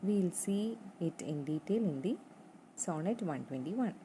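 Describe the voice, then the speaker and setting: A young woman teaching a literature lesson, going over points slowly and repeating them with fillers. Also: lowish voice, animated, warm tone, slight background noise, rough recording. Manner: slow and repetitive, spelling out points with fillers.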